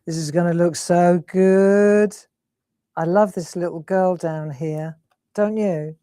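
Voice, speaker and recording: Chatty woman, slow and lowish. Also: steady tone, dark tone, clear, resonant tone, dry recording, clean studio sound. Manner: chatty, giggly storyteller. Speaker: crafting host. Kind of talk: chatty live crafting stream.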